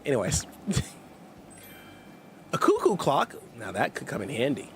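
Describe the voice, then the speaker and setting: This let's play streamer jokes around with his viewers, reading their messages aloud and tossing in sarcastic asides during casual gameplay commentary. His mid-range voice swoops wildly in pitch and moves a little slowly, over a faint hiss or hum.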